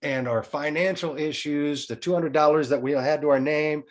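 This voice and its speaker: A man's voice: a little high, moderate pace. Frank, swearing man telling a story. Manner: frank, swears freely, tells a story in a lively way. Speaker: podcast guest. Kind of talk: casual storytelling chat.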